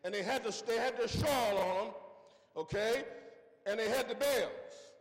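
Male preacher, very high voice, folksy sermon with "okay?" check-ins, long church-hall reverb. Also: unhurried. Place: church sanctuary.

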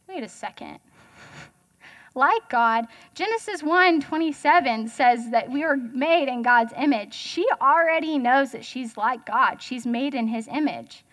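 Chatty high-voiced woman preaching. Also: expressive, unhurried, a bit bright. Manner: chatty, jokey, asks the audience questions. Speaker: guest speaker. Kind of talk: casual sermon.

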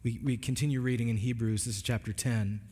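A man's voice: mid-range voice, fairly even intonation, fast talker, dark tone, slightly rough. A man preaching a sermon as pastor, earnest and emphatic, often restarting his phrases. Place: church sanctuary. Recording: long hall reverb.

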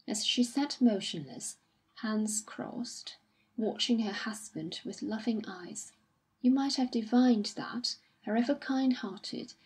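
Woman narrating an old novel, super breathy airy voice, soft and measured. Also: medium pitch, poor audio. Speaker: audiobook reader. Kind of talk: scripted narration.

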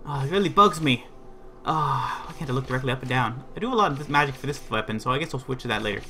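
A man's voice: mid-range voice, lively intonation, fast, bright, forceful tone. A man livestreaming a video game, giving rambling play-by-play commentary to himself and his chat. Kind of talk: live gameplay commentary.

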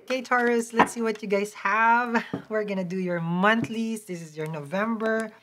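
A woman with a Filipino accent giving a lively, chatty tarot reading and promoting her shop, laughing often. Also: moderate pace, a little hiss or hum. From Philippines. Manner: high-energy, chatty, laughs often, restarts words. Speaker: tarot reader and shop owner.

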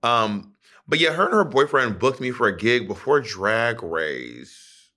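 A man co-hosting a podcast, chatting casually, teasing his co-host and telling stories with drawn-out phrasing. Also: medium pitch, sing-song, bright, forceful tone. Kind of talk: casual banter.

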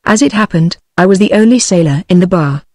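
A text-to-speech woman's voice with a British English accent, reading a book aloud in an even, synthetic manner. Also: on the low side, a little fast, no echo, clean studio sound. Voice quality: synthetic, evenly paced. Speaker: audiobook narrator.

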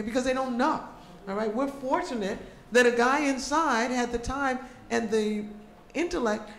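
A woman organizer talking to an audience at a public program, practical and often checking in with "okay?". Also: on the high side. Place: large echoey room with an audience. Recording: roomy echo, faint room noise.

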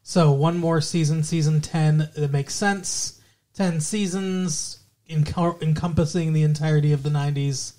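A man's voice: fairly high pitch, fairly even intonation, unhurried, warm tone. A man co-hosting a podcast, chatting casually and joking with his co-host. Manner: jokey, puts on a mock Irish accent at the start. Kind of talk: casual chat.

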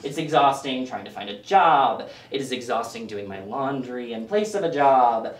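A man performing a self-deprecating stand-up set with deadpan asides for a small audience in a living room. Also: mid-range voice, moderate pace, roomy sound, recorded from a distance. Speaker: stand-up comic.

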